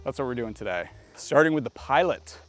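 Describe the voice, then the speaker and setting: Outdoors on a disc golf course, a man narrates his own throws in a casual, chatty way, his medium-pitched voice moving fairly quickly and growing excitable when a shot goes well.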